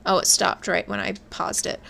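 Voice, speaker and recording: A woman's voice: medium pitch, flat delivery, moderate pace, creaky, bright, forceful tone. A young woman casually commenting on a game and reading its text aloud, swearing offhandedly and stumbling over long words. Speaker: game streamer.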